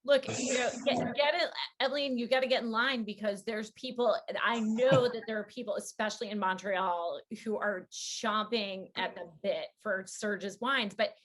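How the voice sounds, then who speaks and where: Woman, wine show host, casual chat, chatty, slightly high pitch. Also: normal speed, hardly any pauses. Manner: chatty, quoting people in lively asides.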